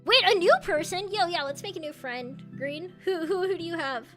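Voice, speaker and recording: A young woman streaming and chatting casually with viewers, animated, often yelling and laughing. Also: very high voice, moderate pace, music in the background.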